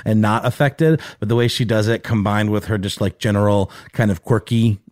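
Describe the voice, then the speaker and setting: A man's voice: fairly low pitch, moderate pace, no echo, clean studio sound. A man co-hosting a casual podcast, rambling through tangents with lots of fillers. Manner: rambling, many "like"s, animated tangents. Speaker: podcast co-host. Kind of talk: casual chat.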